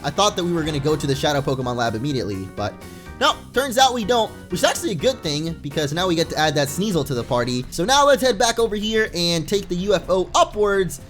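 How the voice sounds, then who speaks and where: Fast and very animated, a young man's slightly high, fairly bright voice carries chatty, meandering commentary over a video game. He reads the game's text aloud now and then, and soft game music sits behind him.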